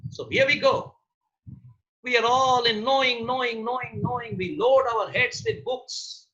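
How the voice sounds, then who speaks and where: A man's voice: high-pitched, sharp tone. A man giving a motivational workshop talk, emphatic and repeating key words, on a dull lo-fi recording. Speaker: workshop speaker.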